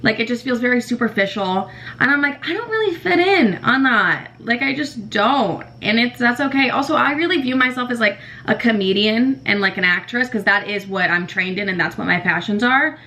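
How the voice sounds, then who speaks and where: A woman's voice: on the high side, fairly quick, few pauses, pushed and bright, rough recording. A young woman in her twenties hosting her own podcast, chatting casually and animatedly, full of "like" fillers and swearing. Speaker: podcast host. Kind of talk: casual confessional chat.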